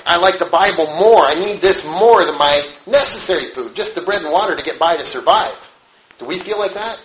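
A man's voice: fairly high pitch, sharp tone, slight background noise, poor audio. A middle-aged man preaching a conversational sermon, acting out little quoted voices as he goes.

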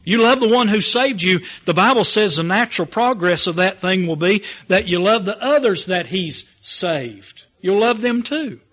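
A man's voice: sits high, lively intonation, moderate pace, hardly any pauses, fairly bright tone. Man preaching with emphatic swells. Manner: reads scripture in King James wording. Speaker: pastor. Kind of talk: sermon.

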